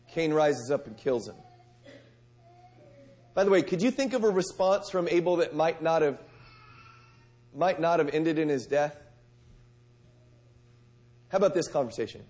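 A man preaching a sermon, talking to his listeners, asking them direct questions, and moving between loud emphasis and soft, gentle lines. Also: on the high side, expressive, normal speed, pauses often. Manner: conversational, asks the audience direct questions.

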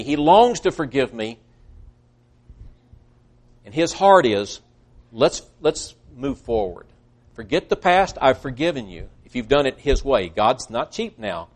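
A male preacher giving a sermon, earnest and emphatic, quoting scripture at length. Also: medium pitch.

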